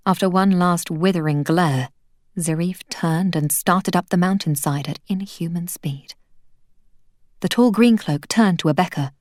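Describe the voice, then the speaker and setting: Female audiobook reader, lowish voice, dry close recording. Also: moderate pace, no room sound. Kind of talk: reading a children's novel aloud.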